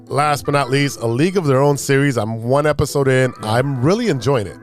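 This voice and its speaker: Male podcast co-host, relaxed wry chatter, middle pitch, light music bed. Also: fairly quick. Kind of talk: casual chat.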